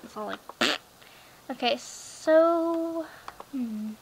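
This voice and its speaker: A teenage girl with a high, light voice talks through her game in a loose, rambling way, filling her sentences with "like" and "um". A faint hiss sits under the recording. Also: animated, drawn-out words, poor audio. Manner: rambling, chatty, lots of fillers and "like". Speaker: gaming vlogger. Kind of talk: casual screen-recorded game chat.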